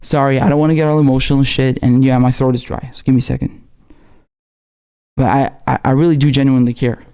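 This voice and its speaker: A man's voice: mid-range voice, level tone, dark tone, smooth. A man hosting a political commentary show, ranting with heated passion and heavy swearing. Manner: heated, profane, rapid-fire ranting. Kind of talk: impassioned political rant.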